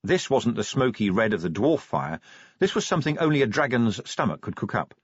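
A man's voice: medium pitch, sing-song, fairly quick, slightly rough, dry recording. A man narrating an audiobook in a wry, dramatic storytelling manner. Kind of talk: scripted narration. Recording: slightly dull dry studio recording.

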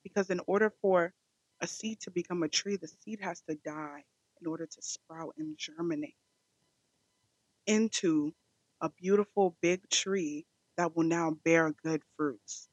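A woman's voice: lowish voice, a little slow, dry recording. A woman leads a devotional podcast in a fervent, repeating prayer rhythm. The recording is dry, with no room sound, and a little dull and lo-fi. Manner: fervent, repetitive prayer cadence. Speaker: podcast host.

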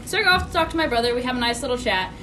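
A woman's voice: a little high, lively intonation, racing, a bit bright. A woman casually recapping the last tabletop game session, playful and laughing, slipping into character voices. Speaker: player giving a recap. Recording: noisy background.

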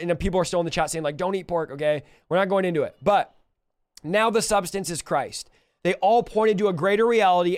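A young man teaching the Bible verse by verse in an energetic, conversational way, speaking straight to his viewers and lifting his voice when he quotes scripture. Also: sits high, smooth, dry recording, studio quality. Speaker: preacher and podcast host.

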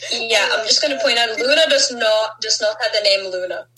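A woman's voice: a little high, fairly quick, pushed and bright, rough recording. A woman from Norway with a southern Norwegian accent, co-hosting a casual group podcast in a playful, giggly way. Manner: giggly, playful, trails off and restarts. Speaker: podcast co-host.

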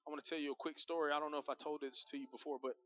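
A man's voice: on the high side, fairly even intonation, very fast, a bit bright, lo-fi sound. A male pastor preaching a sermon in a conversational, humorous storytelling manner, speaking directly to his congregation.

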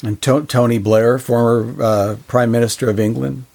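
A man's voice: mid-range voice, steady tone, moderate pace, creaky, a little mellow. A man co-hosting a podcast in casual discussion, speaking earnestly with many fillers and restarts. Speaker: podcast co-host.

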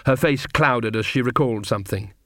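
A man narrating a comic fantasy audiobook in measured scripted narration. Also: medium pitch, sharp tone, dry recording, studio quality.

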